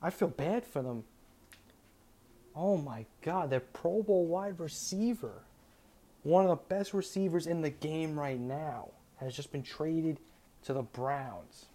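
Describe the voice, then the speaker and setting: A young man hosting a solo sports show, talking excitedly about breaking football news, often stammering and restarting his sentences. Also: fairly high pitch, slow. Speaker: sports podcast host.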